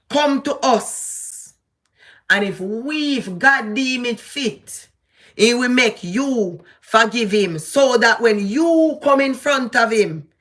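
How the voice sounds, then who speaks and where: Speaking straight to her listener, a woman vlogger with a Jamaican accent delivers casual, preachy, emphatic commentary. Her voice sits on the high side and sounds fairly bright.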